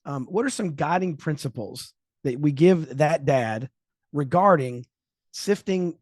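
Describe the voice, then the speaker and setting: A man's voice: fairly high pitch, expressive, a little slow, a little mellow, dry recording, studio quality. A man hosting a podcast, asking probing questions and thinking aloud with fillers. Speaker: podcast host. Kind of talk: casual podcast interviewing.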